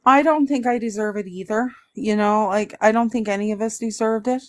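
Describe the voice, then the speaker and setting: A woman's voice: a little high, steady tone, brisk. A woman with a Canadian accent in a candid, casual livestream chat, laughing often and answering viewer comments. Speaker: livestream guest.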